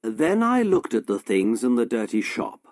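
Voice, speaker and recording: A man narrating a story in a slow, simple, deliberate way for English learners. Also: mid-range voice, sing-song, darkish tone, no room sound, studio quality.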